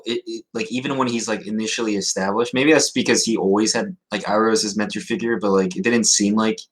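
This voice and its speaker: Young man, podcast co-host, low voice, hesitant, filler-heavy casual chat.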